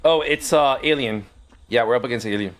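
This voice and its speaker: A man's voice: medium pitch, fairly quick, a little hiss or hum. A man who streams games and used to teach, casually telling stories from his classroom and acting out the voices of the people in them. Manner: animated, acts out quoted voices. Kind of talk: casual storytelling while gaming.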